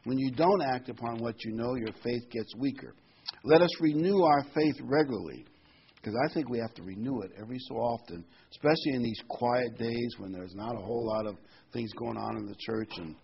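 A man with a husky, mid-pitched voice delivers a homespun sermon, talking to his listeners rather than orating and stopping often with ums and uhs. The recording is dull and lo-fi. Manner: plain conversational preaching with many fillers and pauses. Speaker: preacher.

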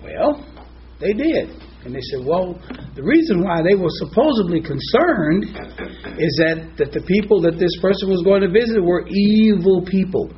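Male preacher, lively storyteller, slightly muffled recording with light background noise. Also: moderate pace. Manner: animated storyteller, voices soft and low for quoted lines. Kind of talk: sermon with storytelling. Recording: slightly dull with faint noise.

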